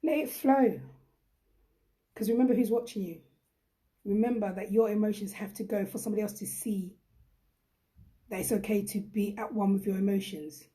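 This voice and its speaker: A woman's voice: medium pitch, steady tone, normal speed, long pauses, dark tone. A young woman hosts a live chat with viewers, talking in a chatty, emphatic and encouraging way. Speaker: host.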